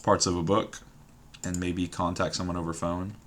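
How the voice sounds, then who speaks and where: A man's voice: low voice, flat delivery, moderate pace, a little hiss or hum. A man thinking aloud while solving a word puzzle at his computer, musing and hesitant, trailing off and repeating words to himself. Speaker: puzzle game streamer.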